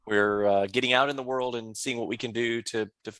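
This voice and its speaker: A man's voice: medium pitch, fairly even intonation, a little fast, a bit bright, clear, resonant tone, no echo, natural voice. A man playing an earnest male knight of a nature order, polite and hesitant.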